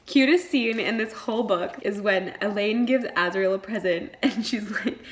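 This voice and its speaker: A woman's voice: mid-range voice, moderate pace. A young woman chatting casually on a book vlog, gushing, laughing often and saying "like" constantly. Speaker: book vlogger. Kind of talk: casual chat reading vlog.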